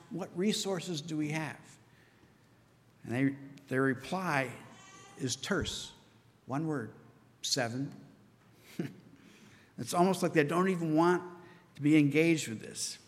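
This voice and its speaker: A man delivers a sermon in a slightly higher than usual voice, carried by the long echo of a church sanctuary. He tells the story with lively asides, acting out the disciples' voices as he goes. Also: slow, long pauses. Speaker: pastor.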